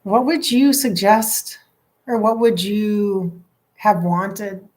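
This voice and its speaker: A woman's voice: medium pitch, slow, darkish tone. A woman psychic medium on a live stream, relaying messages emotionally and dropping into whispered asides. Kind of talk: live-stream channeling session.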